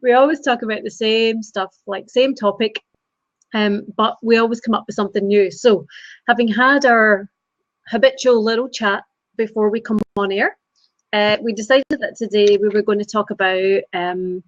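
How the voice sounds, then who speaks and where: A Scottish woman co-hosting a casual live-stream chat, animated and laughing often. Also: medium pitch, moderate pace, dry recording, muffled recording. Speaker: co-host.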